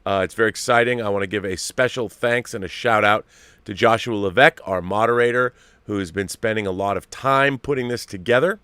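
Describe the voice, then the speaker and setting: A man's voice: on the low side, a little fast, sharp tone, smooth, dry recording. A middle-aged man hosting a live show, chatting in a rambling, self-interrupting way. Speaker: host. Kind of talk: casual live show chat.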